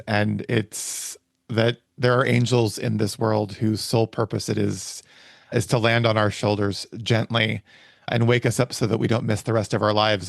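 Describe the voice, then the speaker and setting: A man hosting a podcast speaks with heartfelt conviction, his voice carrying a gravelly rasp. He sounds moved as he talks. The recording is dry and close, with no room sound. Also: fairly low pitch, no echo. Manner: earnest, heartfelt, gets emotional. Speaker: podcast host. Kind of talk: emotional interview conversation.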